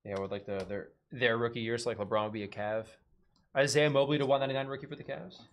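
A man's voice: medium pitch, steady tone, fast talker. Man joking through a live card break. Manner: joking, rattles off card names.

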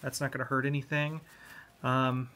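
A man talks through a model kit tutorial, explaining one step at a time in an unhurried, easygoing way. His voice sits in an ordinary middle pitch. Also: little pitch movement, sharp tone. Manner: laid-back step-by-step explaining. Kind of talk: hobby tutorial.

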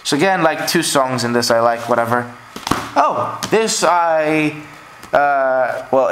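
A man's voice: mid-range voice, a bit bright, slight background noise, rough recording. A man in a casual vlog, reading out track lists from his records in an offhand, shrugging way, recorded on a camera mic indoors at home. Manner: offhand, shrugs things off with "whatever". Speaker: vlogger showing record pickups.

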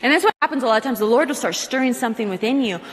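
Animated woman preaching in a reverberant hall. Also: fairly high pitch, racing, a little hiss or hum. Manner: animated, acts out prayers in quoted asides. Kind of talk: sermon. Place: large hall with live audience.

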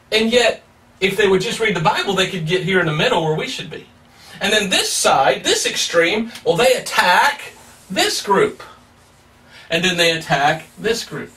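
A man's voice: high voice, very animated, moderate pace, bright, forceful tone, distant mic. A male pastor preaching a sermon, emphatic and plain-spoken, asking rhetorical questions as he teaches.

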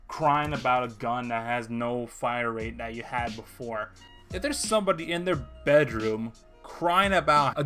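A man's voice: mid-range voice, sharp tone. A young man giving gameplay commentary on his video channel, ranting in an opinionated, frustrated way. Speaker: gaming video creator.

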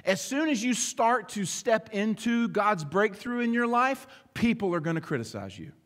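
High-voiced preaching man in a big hall. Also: normal speed. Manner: animated preaching, acting out dialogue. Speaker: pastor. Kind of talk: sermon. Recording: long reverb of a large hall.

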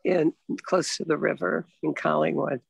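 A woman speaks in a very gravelly, husky voice that moves lively up and down. She sits a little low in pitch, and her sound is dry and close over a video call. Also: normal speed, no echo. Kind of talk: casual video-call chat.

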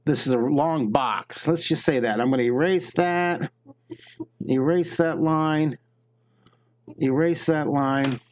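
A man's voice: a little high, slow. A man giving a live drawing lesson, chatting with and greeting viewers while he talks through each step. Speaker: drawing teacher.

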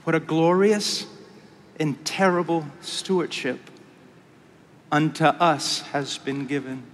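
A man preaching in a big conference hall, his voice high and unhurried, each phrase drawn out with weight. He goes from quiet, hushed lines to fervent cries, and the sound rings with long reverb. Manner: impassioned, swings from hushed to shouted. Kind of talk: conference sermon.

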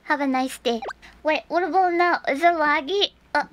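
A woman's voice: high voice, moderate pace, heavy background noise. A young woman streaming a horror game, jumping between whispers and shrieks and dropping Japanese words into her talk. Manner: jumpy, swings from whispers to shrieks. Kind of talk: live gameplay commentary.

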